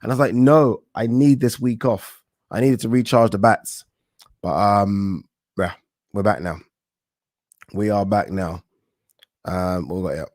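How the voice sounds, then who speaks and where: Man, boxing channel host, relaxed and jokey, swears casually, lowish voice, dry close sound. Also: unhurried, long pauses, no room sound. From England. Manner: laid-back, joking, swears casually. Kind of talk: casual chat reading viewer comments.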